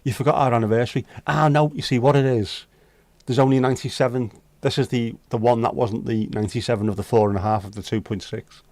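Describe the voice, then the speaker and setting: In a steady, mid-range voice that's a little mellow, a man talks briskly with few pauses, with no room sound around him. He's the host of a casual virtual pub livestream, joking with viewers and bantering with chat while he reads their comments.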